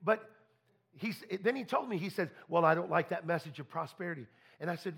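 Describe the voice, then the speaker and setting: A man's voice: sits high, brisk, vocal fry, a bit bright, husky. A man preaching a storytelling sermon, folksy, full of restarts, acting out conversations. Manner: folksy, repeats and restarts, quotes people in dialogue.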